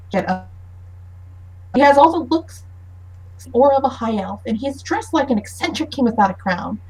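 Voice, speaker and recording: A woman narrating as game master in a tabletop game over voice chat, lively, with frequent fillers and laughs. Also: on the high side, husky, poor audio.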